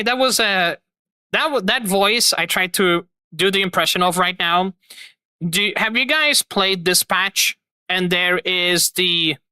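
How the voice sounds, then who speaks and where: A streamer hosting a live stream talks in a high-pitched, bright, forceful, and smooth voice, recorded at studio quality with no room sound. He chats casually and enthusiastically with his viewers, rambling about voice acting and games.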